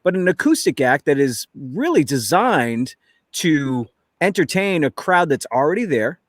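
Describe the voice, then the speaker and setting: A man with a fairly high voice hosts a casual talk show over drinks. He rambles and corrects himself mid-sentence. The recording is close and dry. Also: sing-song, measured pace, no room sound. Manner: chatty, rambling, self-correcting. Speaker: show host.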